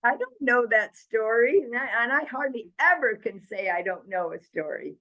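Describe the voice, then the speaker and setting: A woman storyteller chatting warmly and appreciatively with a friend over a video call. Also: a little high, animated, moderate pace, muffled recording. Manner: warm, appreciative listener. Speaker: fellow storyteller. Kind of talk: casual chat.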